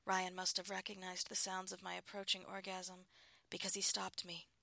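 Breathy, gravelly woman reading a story. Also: on the low side, completely flat delivery, normal speed, bright, forceful tone, no echo. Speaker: narrator. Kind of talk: scripted first-person erotic story reading.

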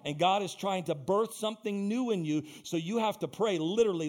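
A man's voice: high voice, fairly quick, a little mellow. A male pastor preaching a sermon in a church, building into fervent, repetitive exhortation.

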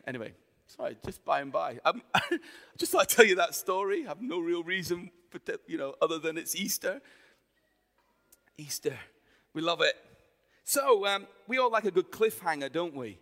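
A man's voice: fairly high pitch, animated, moderate pace, pushed and bright. A man in his forties with a Yorkshire accent, preaching in a chatty, joking storytelling way to his congregation. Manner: chatty, jokey storytelling with the crowd. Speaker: pastor. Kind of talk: sermon. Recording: hall with long reverb.

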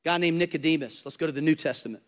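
Pastor, male, higher-pitched voice, energetic storytelling preacher with humor and big dynamic swings. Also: rapid-fire. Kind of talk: energetic sermon.

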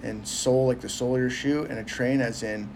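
A man's voice: mid-range voice, fairly even intonation, a little mellow, slight background noise. Laid-back male podcast guest. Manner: laughs along, spells out his handle slowly. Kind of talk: casual comedy chat.

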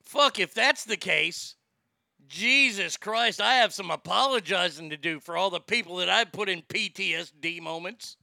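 A man's voice: high voice, moderate pace, gravelly, bright, forceful tone, dry recording, studio quality. A man hosting a ranting commentary, sarcastic and incredulous, swearing freely. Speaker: commentary host.

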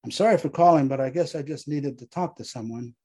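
A man voicing a guilt-ridden young soldier who speaks in a halting, despairing way. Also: medium pitch, dark tone, breathy edge, close to an everyday voice.

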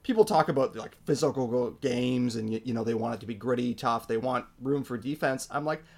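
A man's voice: mid-range voice, a little fast. A man co-hosting a podcast, talking casually and with strong opinions, using lots of fillers. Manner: opinionated, animated, frequent fillers. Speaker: podcast co-host. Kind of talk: casual hockey chat.

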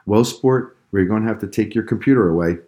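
A man doing a stern deep-voiced father. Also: fairly quick, warm tone, natural voice. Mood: lecturing. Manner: stern, lecturing. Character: stern father, strict and angry.

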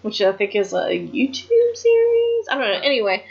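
A woman's voice: a little high, wildly swooping pitch, normal speed, vocal fry, darkish tone. Female co-host, casual frank chatter with cursing, lo-fi podcast sound. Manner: frank, profane, trails off and restarts. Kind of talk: casual chat about wrestling. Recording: dull lo-fi podcast audio.

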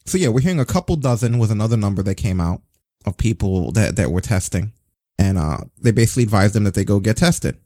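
A man talks through wrestling news in a casual podcast chat, mocking and swearing as he goes. His voice is dark and husky. The sound is dry and close, with no room around it. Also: on the low side, quick pace, no echo. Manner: sarcastic, swearing, animated. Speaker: podcast host.

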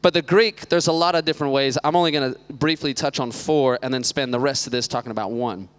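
A man in his thirties preaching a relaxed sermon, full of quips and side jokes. His voice is smooth and clear, at a middle pitch for a man. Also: quick pace. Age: 30s. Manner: joking, chatty asides. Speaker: youth pastor. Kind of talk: casual sermon.

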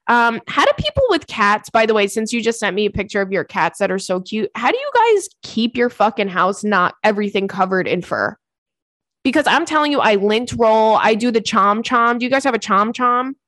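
A young woman hosting a podcast in casual chat, talking fast and swearing, laughing often and breaking into high squeals. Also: fairly bright tone, no echo. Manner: chatty, profane, laughs often, bursts into squeals. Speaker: podcast host.

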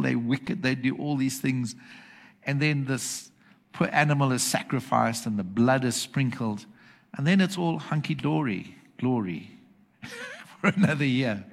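Gravelly and medium in pitch, a man preaches in church with strong emphasis. Again and again he asks for the congregation's agreement to confirm they're keeping up.

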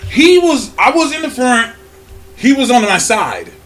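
A young man from California, telling a story in a casual chat as a podcast host. He is animated and profane, and often laughs as he talks. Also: extremely high pitch, measured pace.

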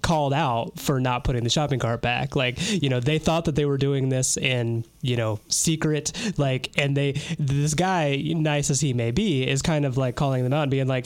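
A man's voice: mid-range voice, moderate pace, few pauses, clear, resonant tone, dry recording. Easygoing man in dry close chat. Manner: easygoing, reasoning things through, laughs often. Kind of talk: casual conversation.

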